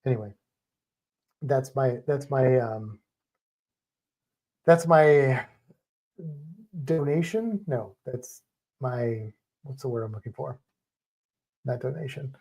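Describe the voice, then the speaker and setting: A man co-hosting a casual livestream with a warm, mellow voice. He rambles through stories in an animated way and restarts his sentences often. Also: mid-range voice, slow pace, long pauses. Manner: rambling, self-interrupting, animated storytelling. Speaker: livestream co-host. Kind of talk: casual chat with viewers.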